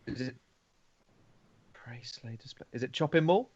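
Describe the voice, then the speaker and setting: A man's voice: medium pitch, animated, unhurried, darkish tone, muffled recording, slight background noise. A man co-hosting a podcast quiz, muttering the clues back to himself while he works out a guess. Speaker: podcast co-host, quiz contestant. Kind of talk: casual chat. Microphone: video call.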